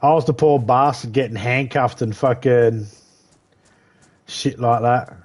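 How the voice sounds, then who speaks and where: A man's voice: medium pitch, steady tone, unhurried. A man chatting casually on a live game stream, swearing freely, laughing often and rambling. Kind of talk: casual gaming chat. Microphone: headset.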